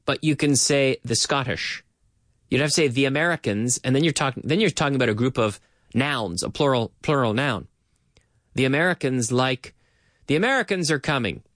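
A man hosting a bilingual English lesson for Spanish speakers, repeating phrases slowly for learners and mixing in Spanish words. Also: mid-range voice, a bit bright, no room sound, clean studio sound. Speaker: language teacher and podcast host.

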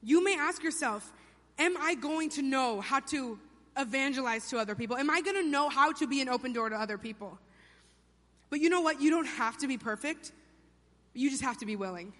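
A young woman preaches with a high, bright voice, chatty and playful, slipping into funny voices for quotes. Her words ring out with a long reverb from the church hall. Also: expressive, brisk. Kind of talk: sermon. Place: church sanctuary.

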